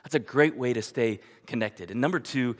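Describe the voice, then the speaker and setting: A male pastor with a mid-range voice preaches a sermon at a moderate pace, telling stories conversationally and repeating points emphatically. The recording carries the echo of a church hall.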